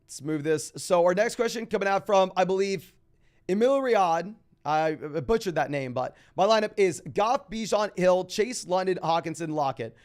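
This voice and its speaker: Young guy streaming fantasy football q&a, fast energetic delivery, fairly high voice. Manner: energetic, quick sports-talk delivery, reads viewer questions aloud. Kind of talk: live stream Q&A, rapid-fire answers.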